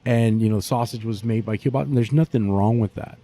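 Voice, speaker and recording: Bbq guy cussing a lot, lowish mellow voice, animated storyteller. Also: fairly quick. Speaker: barbecue pitmaster, guest. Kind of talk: casual interview talk.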